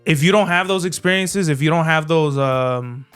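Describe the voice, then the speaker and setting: A young man with a fairly high, smooth and resonant voice, chatting as a podcast guest. He speaks in a loose, slangy way, often restarting his sentences, with quiet music beneath. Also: moderate pace. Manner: laid-back, slangy, hesitant restarts. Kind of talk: casual chat.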